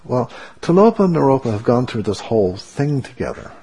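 A man's voice: medium pitch, sing-song, fairly quick, warm tone, a little hiss or hum. A man giving a spiritual teaching talk as a meditation teacher, reflective and searching for his words as he goes.

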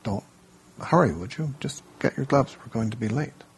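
A man's voice: medium pitch, expressive, normal speed, faint music behind, natural voice. A man as a curt, impatient shepherd husband.

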